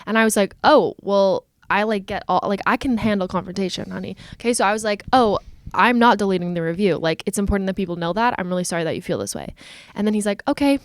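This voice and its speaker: A young woman from Canada, co-hosting a podcast and telling a story in animated casual chat, acting out the dialogue. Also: medium pitch, quick pace, no echo. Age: young adult. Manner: animated, acts out dialogue, frequent "like". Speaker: podcast co-host.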